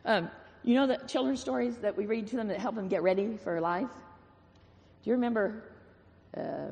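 A woman's voice: medium pitch, normal speed, vocal fry, long pauses, a little mellow, big-room sound. A woman giving an informal, earnest sermon in a folksy way, repeating phrases for emphasis. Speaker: church speaker.

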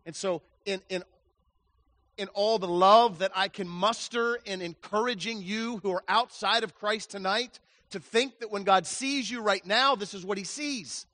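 A male preacher delivers an impassioned sermon in a high, bright voice. He speaks slowly and swings between hushed passages and loud outbursts. The sound is close and dry. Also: dry recording. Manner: lists words in slow emphatic runs. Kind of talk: evangelistic sermon.

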